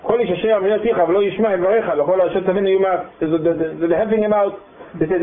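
A man teaching a Bible class. He explains verses, repeats words and acts out the dialogue with rising excitement. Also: sits high, very fast. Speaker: Torah teacher. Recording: tinny, echoey room with faint noise.

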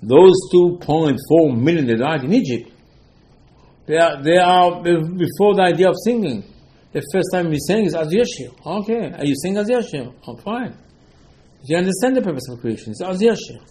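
A man's voice: on the high side, expressive, moderate pace, dark tone, rough recording. A man teaching a Torah lesson as a rabbi. He speaks emphatically in slightly broken English and keeps firing rhetorical questions.

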